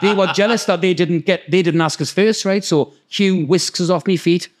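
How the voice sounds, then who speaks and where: A man with a Geordie accent telling a story in casual chat, animated and swearing freely as he acts out the voices of others. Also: high-pitched, moderate pace. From North East England. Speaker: podcast guest storyteller.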